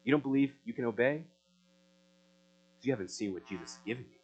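A man preaching a sermon, swinging from loud, rising appeals to quiet, searching questions. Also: medium pitch, animated, fairly quick, slight background noise, poor audio. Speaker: pastor.

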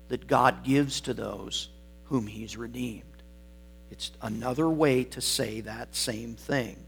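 A man's voice: medium pitch, breathy edge. Emphatic male preacher with a mains hum. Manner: emphatic, repeats key words for stress. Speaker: pastor. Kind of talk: sermon.

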